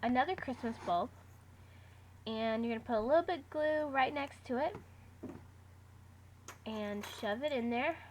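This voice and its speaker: A woman's voice: fairly high pitch, a little slow, pauses often, a little mellow, slight background noise. A woman talking casually through a do-it-yourself craft tutorial, giving step-by-step instructions with the odd "um". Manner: chatty, step-by-step instructions with fillers. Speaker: craft vlogger.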